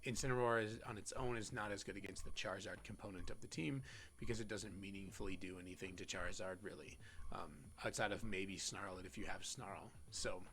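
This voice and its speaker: A man giving casual strategy commentary on a competitive Pokemon team, halting often with "um"s and restarting his sentences. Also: sits low, fairly bright tone. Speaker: competitive Pokemon player and content creator.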